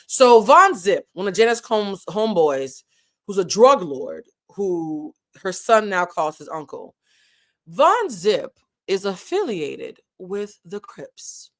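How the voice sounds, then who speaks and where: A woman with a New England accent hosting a casual live commentary stream, animated and digressive, swearing freely and swinging between loud and soft. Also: mid-range voice, takes it slowly. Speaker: commentary channel host.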